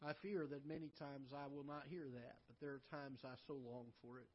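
A man preaching a sermon as pastor, swinging from loud emphatic lines to soft low asides. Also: flat delivery, brisk, highs cut off. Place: church auditorium.

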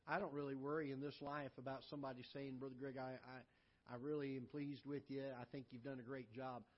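A man preaching a sermon as pastor, swinging from loud emphatic lines to soft low asides. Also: flat delivery, a little fast, highs cut off. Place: church auditorium.

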